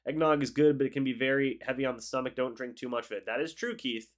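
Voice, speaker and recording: He talks at a quick pace in a medium pitch. Still congested post-flu, the young host keeps his sports livestream laid-back and chatty, reading out comments from viewers and responding to them.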